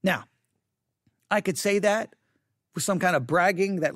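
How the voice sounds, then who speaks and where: A man's voice: high voice, normal speed, a bit bright, no echo, clean studio sound. A middle-aged man preaching a sermon, telling a personal story candidly and repeating himself for emphasis.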